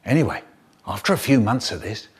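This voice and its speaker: A man's voice: lowish voice, very animated, a little fast, slightly rough. A man telling comic stories in spliced bits, jumping between the voices of family members. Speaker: storyteller.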